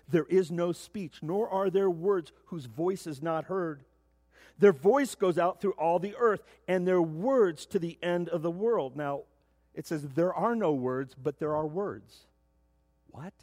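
A middle-aged man preaching a sermon as pastor, emphatic, often repeating words as he builds to loud points. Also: on the high side, no echo. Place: church sanctuary.

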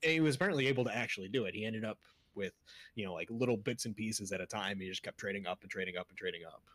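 A man's voice: fairly low pitch, racing, a bit bright, dry recording. A young man co-hosting a casual podcast, rambling and trailing off mid-thought with frequent laughs. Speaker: podcast co-host.

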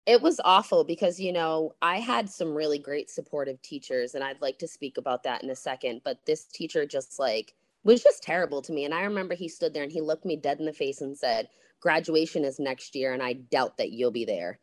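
A woman's voice: sits low, brisk, hardly any pauses, no echo. A woman therapist, a podcast guest, recounting her past frankly and animatedly, swearing freely. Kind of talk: candid storytelling interview.

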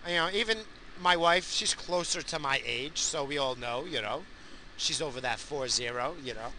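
A man in his forties ranting crudely from inside his car, yelling now and then at other drivers. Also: mid-range voice, moderate pace, a little hiss or hum. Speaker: vlogger. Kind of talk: casual profane rant.

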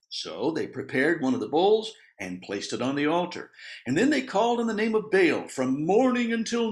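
A man's voice: a little high, very animated, normal speed. A man preaching a sermon, reading scripture and explaining it in a playful way, chuckling at the humor in the story.

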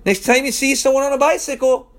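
A man's voice: extremely high pitch, steady tone, fast talker. A pastor preaching a sermon to his church, talking emphatically and casually with slang asides.

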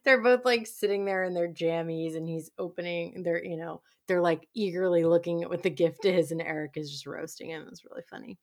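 A woman's voice: fairly low pitch, fairly even intonation, a little fast, hardly any pauses, darkish tone. A woman co-hosting a podcast, chatting casually about a TV episode and laughing often as she talks. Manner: giggly, laughs often while talking. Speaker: podcast co-host. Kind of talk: casual chat recapping a TV show.

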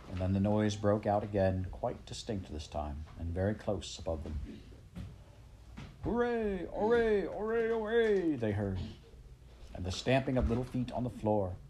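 A man narrating an audiobook with measured, expressive storytelling. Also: fairly low pitch, a little hiss or hum.

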